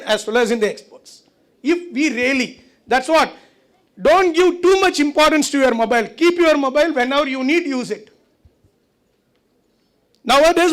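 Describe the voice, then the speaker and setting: A man's voice: very high voice, fairly bright tone. A man giving a conversational lecture at a conference, often asking the audience rhetorical questions. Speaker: conference speaker. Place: conference hall.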